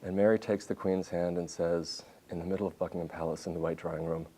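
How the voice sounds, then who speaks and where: A man in his fifties, a journalist giving a talk at a university, telling anecdotes in an animated way and often restarting his sentences. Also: low-pitched, fast talker, slightly rough. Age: 50s. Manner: animated storytelling with restarts and self-corrections. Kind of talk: lecture with anecdotes. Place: university lecture hall.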